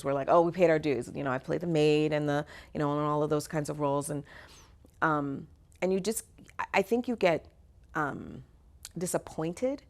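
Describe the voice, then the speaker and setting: In a conversational interview, a middle-aged, low-voiced actor and singer tells stories from her career. She's animated, laughs frequently, and acts out the voices of the people she describes.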